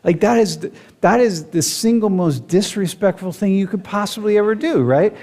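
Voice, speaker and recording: Animated man lecturing in a hall. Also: high voice, normal speed. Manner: animated, rambling, many "like" fillers. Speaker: university professor. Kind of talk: classroom lecture. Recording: long hall reverb.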